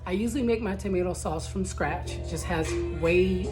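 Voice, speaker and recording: A woman's voice: lowish voice, moderate pace, music in the background. A woman from Texas with a Southern accent, hosting her own cooking channel and chatting casually as she walks viewers through each step.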